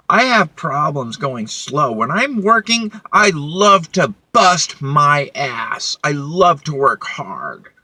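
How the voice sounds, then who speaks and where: A woman's voice: low-pitched, sharp tone, no room sound. A woman vlogger telling a work story in a blunt, profane, casual way. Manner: blunt, profane, heated retelling.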